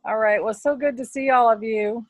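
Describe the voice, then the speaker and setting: A middle-aged woman hosting a casual team video call, chatty and quick to laugh as she tells stories. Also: on the high side, rough recording.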